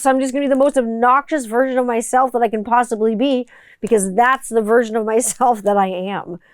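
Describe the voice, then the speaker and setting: A middle-aged woman hosting her own podcast, her voice sitting a little high and sounding smooth and clear. She rambles with boisterous energy, swears freely and keeps breaking off her own sentences to start again. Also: fairly even intonation, a little fast, no room sound. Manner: exuberant, profane, rambling, self-interrupting. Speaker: podcast host. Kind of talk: casual solo podcast chat.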